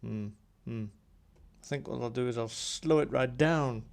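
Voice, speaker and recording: A man casually walking through his synth module's settings, thinking aloud with plenty of ums and pauses. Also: mid-range voice, creaky. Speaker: synth hobbyist demonstrating gear. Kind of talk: casual tutorial walkthrough.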